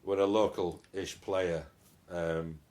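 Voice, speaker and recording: Low-voiced musician chatting. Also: male voice, fairly even intonation, takes it slowly. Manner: rambling, warm, many fillers and restarts. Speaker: guest musician. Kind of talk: casual interview chat.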